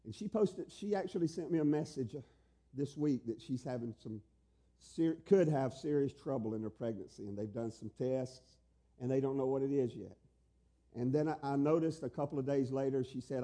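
A middle-aged male pastor preaching a sermon, emphatic, with loud pleading peaks that soften to quiet tenderness. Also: mid-range voice, moderate pace.

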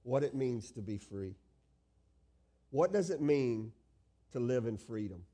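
A man's voice: medium pitch, animated, measured pace, warm tone. A male pastor preaching a sermon, stretching out key phrases and asking the congregation questions.

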